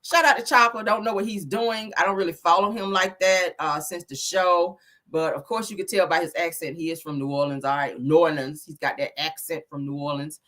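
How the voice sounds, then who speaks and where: A woman's voice: fairly low pitch, fairly even intonation, a little fast, a bit bright. A woman hosting a casual celebrity gossip show, sassy and profane, calling listeners honey and child.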